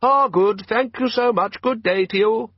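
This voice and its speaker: A man voicing a polite undersea machine with a tinny, very high voice. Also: a little slow, no room sound.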